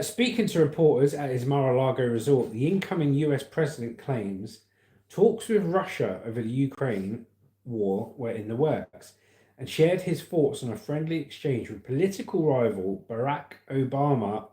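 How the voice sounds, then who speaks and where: A man's voice: mid-range voice, lively intonation, moderate pace, mellow. Chatty man in an echoey room. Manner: chatty, laughs often, banters with viewers. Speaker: livestream host. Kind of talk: casual livestream chat reading comments and news.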